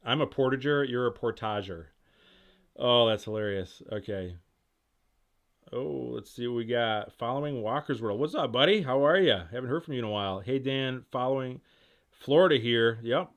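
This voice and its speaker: A man hosting a casual live stream from home, rattling through viewer questions at a rapid clip and reacting to each one. His voice sits at a middle pitch with a plain, everyday tone. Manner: rapid, rambling, jumps between thoughts; reads chat comments aloud and reacts excitedly. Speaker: host of outdoor gear channel.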